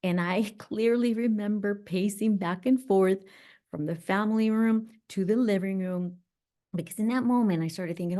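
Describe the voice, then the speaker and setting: A middle-aged woman hosting a podcast, telling a personal story in an animated, reflective way. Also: medium pitch, moderate pace. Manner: animated, reflective, acts out voices. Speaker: podcast host.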